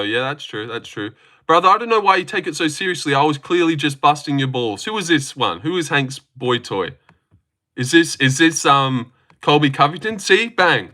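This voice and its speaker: A man's voice: mid-range voice, pushed and bright. A man streaming live, reading chat comments aloud and answering them in profane, heated rants.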